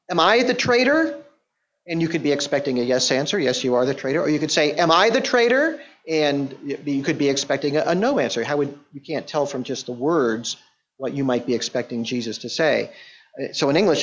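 A man preaching a verse-by-verse Bible teaching in a conversational, explaining way, often acting out the quoted lines. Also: a little high. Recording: dull lo-fi sound.

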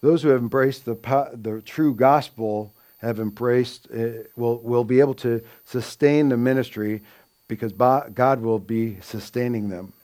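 A man's voice: medium pitch, steady tone, measured pace, a little mellow. A man preaching an expository sermon, teaching earnestly and lifting his voice to stress quoted scripture. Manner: earnest teaching with frequent fillers and restarts, rising emphasis on quoted scripture.

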